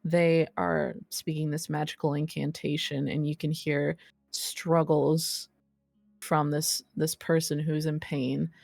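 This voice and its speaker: Slow, gravelly-voiced woman game master. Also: low-pitched, steady tone, darkish tone, dry recording, faint music behind. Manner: slow, deliberate, with fillers. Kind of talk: narrating a tabletop role-play.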